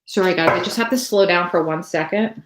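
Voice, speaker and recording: A woman's voice: lowish voice, a little fast, reverberant. A woman giving a live tarot reading to viewers, chatty and rambling, full of fillers and restarts. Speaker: tarot reader.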